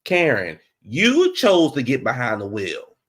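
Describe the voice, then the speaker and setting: A man giving a casual recap of a reality TV episode. He is sassy and animated, jumping between loud outbursts and muttered asides. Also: mid-range voice, unhurried.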